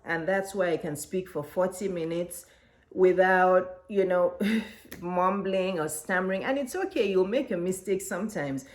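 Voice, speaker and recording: A middle-aged woman with a Nigerian accent coaches her viewers directly to camera. Her voice sits on the low side, and she speaks in an encouraging, hands-on way. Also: a little slow. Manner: warm, encouraging, gestures while talking. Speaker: business coach.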